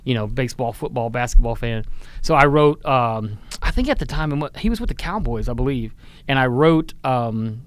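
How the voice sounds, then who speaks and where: A man's voice: medium pitch, lively intonation, moderate pace. A man in his forties co-hosting a podcast, telling stories in a loose, rambling way full of fillers. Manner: rambling, filler-heavy storyteller. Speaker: podcast co-host. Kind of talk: casual chat.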